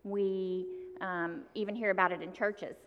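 A woman's voice: mid-range voice, fairly even intonation, a little slow, background noise. A woman speaks in a reflective preaching manner, reading a quotation before explaining it plainly. The sound is muffled and lo-fi, with a long reverb around her voice. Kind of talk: sermon.

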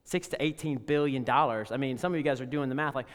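A man pastor delivering an animated, emphatic sermon full of rhetorical questions. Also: medium pitch, fast talker, big-room sound.

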